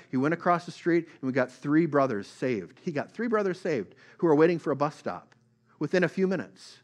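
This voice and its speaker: A man preaching a sermon, earnest, moving from soft storytelling to rising emphatic exhortation. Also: on the high side.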